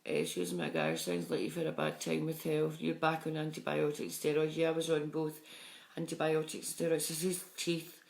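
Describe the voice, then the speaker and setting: A middle-aged woman, chatting on a live stream and warmly greeting viewers by name. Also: sits low, moderate pace, vocal fry. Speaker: psychic medium streaming live. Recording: echoey room sound.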